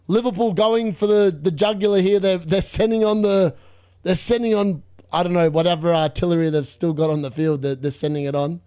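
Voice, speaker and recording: A young man hosting a live fantasy football watchalong, chatty and excitable as he reacts to scores. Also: high voice, brisk, clean tone, no echo, clean studio sound. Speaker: fantasy football livestream host.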